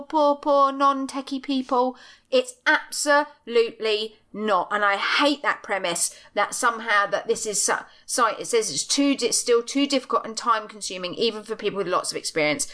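A woman's voice: mid-range voice, normal speed, sharp tone. A middle-aged woman co-hosting a podcast over a video call, ranting bluntly and with emphasis, swearing freely. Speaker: podcast co-host. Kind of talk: passionate casual rant.

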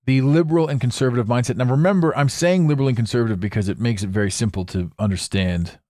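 A man's voice: mid-range voice, quick pace, a little mellow, no room sound, clean studio sound. A man hosting a solo podcast monologue, opinionated and sarcastic, talking conversationally and tossing in rhetorical questions. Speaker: podcast host.

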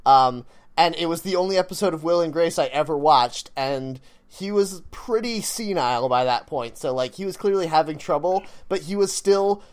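A man's voice: a little high, animated, moderate pace. A young man trading casual, self-deprecating jokes as a podcast co-host. He talks in an easygoing, conversational way. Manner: joking, self-deprecating banter. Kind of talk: casual chat.

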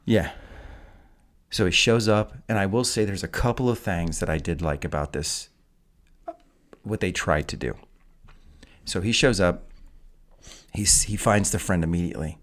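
Deep voiced dude on a podcast, swearing a lot, ranting about a movie like he can't believe it. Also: normal speed, pauses often, fairly bright tone. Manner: profane, incredulous ranting. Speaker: podcast host. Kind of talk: casual film review chat.

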